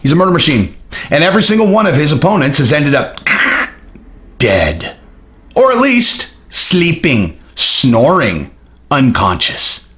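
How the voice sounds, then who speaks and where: A man giving a casual, jokey opinion monologue on fighting, animated and quick to break into impressions. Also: on the high side, reverberant. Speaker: MMA commentator.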